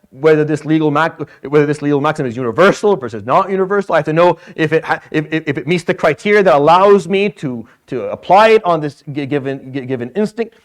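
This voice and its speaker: A man teaching a lecture on Islamic law, talking emphatically with many restarts and rhetorical questions. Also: high-pitched.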